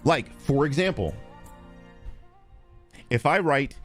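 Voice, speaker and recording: A man streaming live, chatting casually and responding to viewers, animated and blunt, with frequent swearing. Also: normal speed, pauses often, dry recording, soft background music. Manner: animated, swings between loud and low, swears freely.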